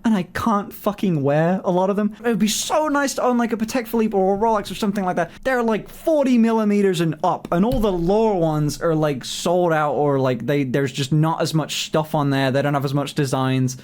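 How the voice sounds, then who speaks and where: A man's voice: sits high, a little fast, few pauses, darkish tone. A man in his twenties chatting casually on a livestream, answering viewer questions candidly, swearing freely and laughing often. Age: 20s. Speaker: streamer.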